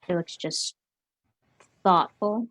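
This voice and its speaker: A woman gently describing her character's actions during a tabletop game. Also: on the low side, slow, dry recording. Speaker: player.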